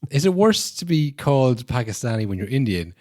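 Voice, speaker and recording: A man's voice: medium pitch, sing-song, brisk, mellow, no room sound, clean studio sound. A young man co-hosting a podcast in casual chat, rambling with many "you know"s and acting out short exaggerated bits. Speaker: podcast co-host.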